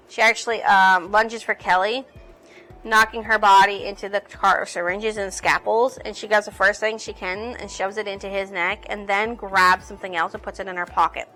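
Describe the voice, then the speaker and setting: Bright-voiced woman rambling through a recap. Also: mid-range voice, fairly even intonation, moderate pace, soft background music, poor audio. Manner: rambling, self-correcting, swears casually. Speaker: book reviewer. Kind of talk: casual plot recap.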